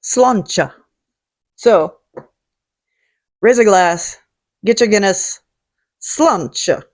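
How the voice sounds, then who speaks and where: A woman's voice: mid-range voice, expressive, very slow. A woman hosting a casual vlog, talking in a jokey, salty way and swearing freely. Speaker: host. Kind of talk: casual chat.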